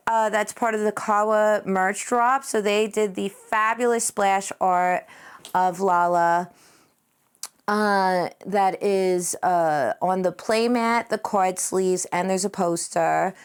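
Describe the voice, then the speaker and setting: A young woman streaming live while she paints, chatting casually with her viewers in a giggly, playful way and reading their messages aloud. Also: smooth. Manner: giggly, playful, reads chat aloud and jumps in pitch.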